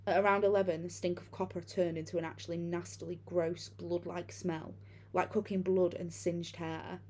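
A woman's voice: fairly low pitch, level tone, normal speed, darkish tone. A woman reading a first-person horror story aloud in a casual, profane way. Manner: casual, profane retelling with many fillers. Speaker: narrator.

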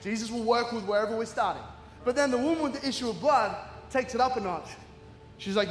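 A middle-aged Australian guest preacher delivers a humorous sermon in a large church hall, animatedly telling stories and acting out the voices. His pitch is extremely high and he talks fast. The echoey hall gives a long reverb, with slight background noise.

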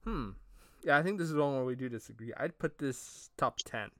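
A man co-hosting a casual podcast, chatting in a relaxed, agreeable way and often saying "alrighty.". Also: mid-range voice, fairly quick, no room sound, studio quality. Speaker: podcast co-host. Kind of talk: casual chat.

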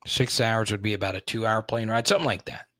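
A man's voice: lowish voice, quick pace, fairly bright tone, no room sound. Dry-voiced man rambling about sports bets. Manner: rambling, frustrated, thinks aloud. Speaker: sports show host. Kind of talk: casual sports betting talk.

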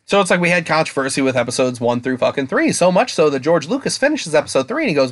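Male podcast co-host, young adult, high-ish voice, rambling and profane. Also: very animated, fast talker, hardly any pauses. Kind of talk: casual podcast chat.

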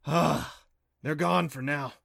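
A man's voice: on the high side, measured pace, gravelly, pushed and bright, pitched above the performer's own voice, heavily acted. A man voicing a grumpy male kelpie, a talking water horse, in a storybook reading with a blunt, scoffing manner. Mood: hushed, wary.

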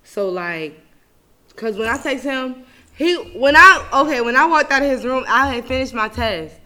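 Bright-voiced young woman venting loudly. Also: normal speed. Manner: animated and profane, swinging between loud outbursts and low muttering. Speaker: podcast host. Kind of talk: casual venting chat.

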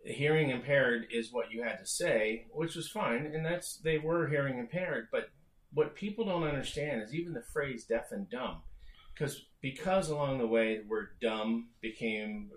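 A man's voice: mid-range voice, animated, moderate pace. Middle-aged man talking in a roomy space. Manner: explanatory, restarts phrases, acts out quotes. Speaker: podcast co-host. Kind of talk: casual discussion. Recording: roomy echo.

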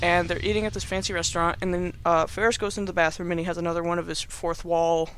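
A young man rambles through a casual movie recap with a bright, high voice and plenty of fillers. His tone is playfully sarcastic, and faint music plays behind him. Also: flat delivery, quick pace. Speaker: podcast host.

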